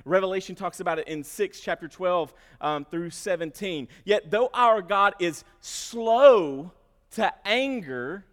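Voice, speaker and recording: A male pastor delivers a sermon in a high voice, repeating words as he starts his phrases. He swings from soft asides to loud emphasis. His voice rings with long reverb in a church sanctuary. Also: expressive, measured pace.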